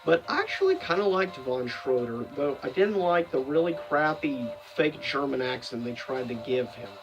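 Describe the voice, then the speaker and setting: A video host ranks seasons of a cartoon in casual, rambling commentary full of fillers and self-corrections. His medium-pitched voice swings widely in pitch at normal speed, recorded lo-fi on a distant mic over music.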